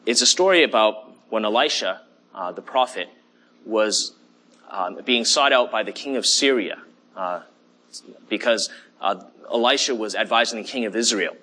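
A man's voice: on the low side, pushed and bright. A man preaching a sermon in a conversational way, often checking in with the listeners. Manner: conversational preaching with fillers and "okay?" check-ins. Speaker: pastor.

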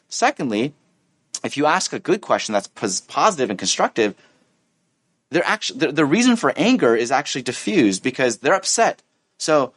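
A male pastor preaching with a very animated voice that swoops up and down as he acts out quarrels. The sound is dry and close, with no room echo. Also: medium pitch. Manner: animated, acts out angry exchanges with laughs. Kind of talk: sermon. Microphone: miked with sound engineer.

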